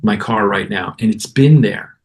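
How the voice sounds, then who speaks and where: A man, a guest musician, casually telling an animated anecdote and acting out other people's lines. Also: on the low side, normal speed. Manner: animated anecdote with acted-out quotes. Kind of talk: casual storytelling.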